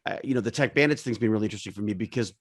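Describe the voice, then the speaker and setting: A man, an actor guest, musing with lots of restarts and trailing off softly at the ends of his thoughts. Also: fairly low pitch, racing, no echo, clean studio sound. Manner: hesitant, restarts often, trails off quietly. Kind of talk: casual reflective chat on a video call.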